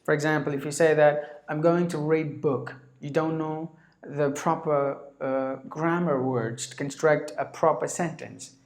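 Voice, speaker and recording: A man gives a lesson in a slow, unhurried way and lays out single words one at a time. His voice sits a little high, and he keeps clearing his throat. The room around him echoes. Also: fairly even intonation. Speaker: English teacher. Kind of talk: spoken English lesson.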